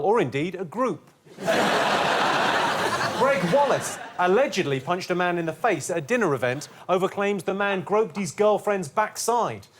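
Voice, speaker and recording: A British man hosting a comedy quiz, delivering scripted jokes deadpan. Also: high voice. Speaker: quiz show host. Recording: studio with live audience laughter and noise.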